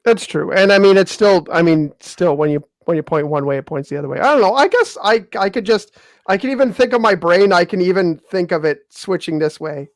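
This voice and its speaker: A man's voice: sits high, animated, fairly quick, no room sound. A man co-hosting a casual panel chat over a video call, joking and ribbing the others smugly. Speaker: co-host.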